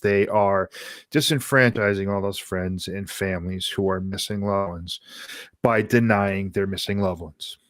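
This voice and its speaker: Blunt low-voiced man on a panel show. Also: fairly even intonation, unhurried, a bit bright, dry recording, studio quality. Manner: emphatic, blunt, swears when annoyed. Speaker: podcast co-host. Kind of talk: casual panel chat.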